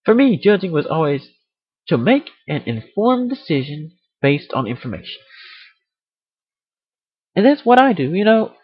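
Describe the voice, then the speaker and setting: A man rants in a casual video, rambling off on tangents and poking fun at himself. His voice is husky and lively, swinging up and down. The sound is dry and dull, from a computer mic. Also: high-pitched, a little slow, long pauses, no echo. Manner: rambling, self-aware, jokey. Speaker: video host. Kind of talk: casual rant vlog.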